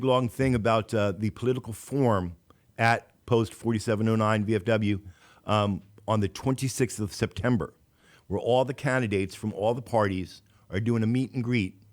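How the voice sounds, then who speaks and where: A man hosting a casual radio talk show, chatty and given to restarts. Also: on the low side.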